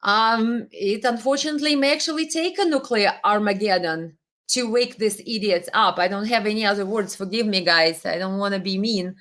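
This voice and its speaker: A woman's voice: medium pitch, moderate pace, a bit bright. A woman hosting a live stream, giving emphatic, exasperated political commentary full of rhetorical questions.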